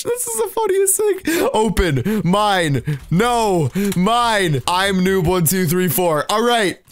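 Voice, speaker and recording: High-voiced giggly young man gaming. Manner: giggly, keeps laughing, animated and teasing. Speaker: Minecraft YouTuber. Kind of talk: excited gameplay commentary. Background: faint background music.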